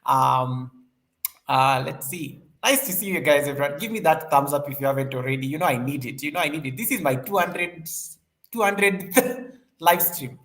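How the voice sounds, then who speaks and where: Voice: medium pitch, normal speed, a bit bright. A livestream host in casual chat, greeting viewers one by one in an upbeat, chatty way, often repeating phrases and laughing.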